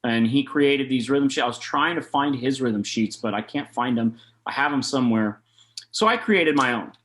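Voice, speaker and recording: A man in his thirties teaches jazz rhythm in an easygoing, chatty way over a video call, at a middle pitch. He talks loosely, with plenty of fillers, and scats rhythms aloud to show them. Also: expressive, normal speed, fairly bright tone. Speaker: jazz saxophone clinician. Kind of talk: online master class talk.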